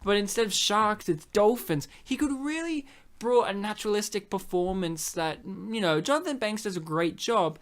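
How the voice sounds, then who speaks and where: A man's voice: sits high, lively intonation, moderate pace, fairly bright tone. A man chatting casually on a podcast, rambling through comic bits. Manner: rambling, joking, slips into silly voices and laughs often. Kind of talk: casual comedic chat.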